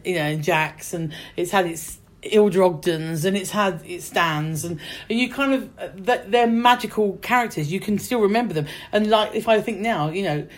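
Actress, middle-aged, lower register, chatty storyteller in a relaxed interview. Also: female voice. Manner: chatty storyteller, many restarts. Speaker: actress guest. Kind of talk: casual interview chat.

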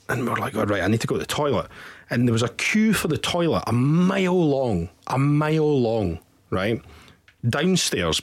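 Husky Scottish man telling a lively story. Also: medium pitch. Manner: animated storyteller with lively quoted voices. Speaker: podcast co-host. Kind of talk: casual podcast chat, storytelling.

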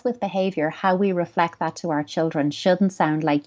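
A woman, a parenting expert, answers a listener's question in a thoughtful, reassuring, measured way. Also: fairly low pitch, a little mellow, lo-fi sound.

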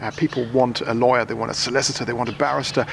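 A man's voice: medium pitch, steady tone, very fast, creaky, a little hiss or hum. Male reporter at a busy station. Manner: chatty, curious questioning. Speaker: radio correspondent. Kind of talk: on-the-street reporting and interviewing.

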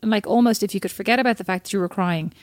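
A woman's voice: medium pitch, very fast, a little mellow, no room sound. Chatty woman on a dry close mic. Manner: chatty, acts out quoted voices. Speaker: podcast co-host. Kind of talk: casual chat.

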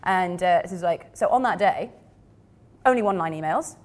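A woman's voice: fairly low pitch, expressive, normal speed, darkish tone. A woman co-hosting a live podcast, rambling and poking fun at herself. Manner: rambling, self-mocking. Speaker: podcast co-host. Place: studio with live audience.

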